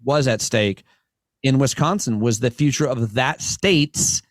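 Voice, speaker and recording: A man, a comic and podcast host, talking as a guest on a casual podcast and building long, earnest arguments in quick bursts. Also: mid-range voice, no echo, clean studio sound.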